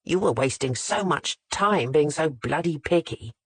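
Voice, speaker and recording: Whiny grumbling husband, narrator doing the voice, dry sound. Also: male voice, a little high, sing-song, unhurried, slightly rough, no echo, exaggerated voice. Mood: angry. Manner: whining, growling. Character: whining, irritable husband.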